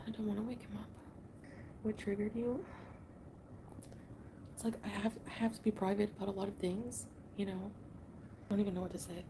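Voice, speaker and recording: Tearful woman half-whispering, gravelly fry. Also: medium pitch, little pitch movement, brisk, long pauses, noisy background. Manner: soft, often half-whispered, rambling. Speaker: livestreamer. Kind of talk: late-night livestream confessional. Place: home at night. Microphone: phone livestream.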